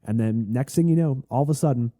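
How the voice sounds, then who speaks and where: A man's voice: mid-range voice, fast talker, dark tone. A man hosting a podcast, telling a rambling, wry story in a casual rant without a Southern accent. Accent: none, not Southern. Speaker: podcast host.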